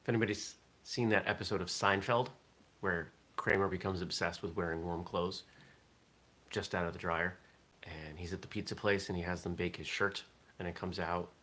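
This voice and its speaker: A man's voice: low-pitched, fairly even intonation, moderate pace, pushed and bright. A man hosting a casual morning vlog, rambling and thinking aloud with fillers. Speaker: vlog host.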